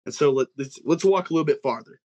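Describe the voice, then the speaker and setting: A man's voice: a little high, quick pace. A young man from Oklahoma telling his own eerie encounter on a casual podcast, rambling and acting out what everyone said. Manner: rambling, animated retelling with many "like"s and quoted dialogue. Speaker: guest telling an encounter story.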